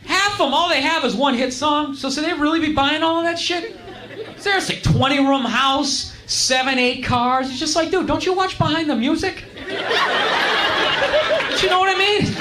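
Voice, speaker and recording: A man in his thirties does stand-up in a high, strained register, self-mocking and exasperated. The sound is roomy and echoing, with a crowd laughing and a steady hiss of noise underneath. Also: normal speed. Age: 30s. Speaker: stand-up comedian. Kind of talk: stand-up comedy.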